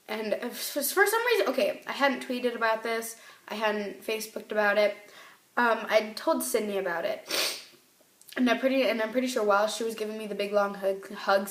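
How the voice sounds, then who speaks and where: A woman's voice: fairly high pitch, steady tone, normal speed, reverberant. A teenage girl vlogging tearfully about a breakup, rambling and emotional, with her voice rising and breaking. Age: teens. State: tearful, crying. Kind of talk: tearful personal vlog.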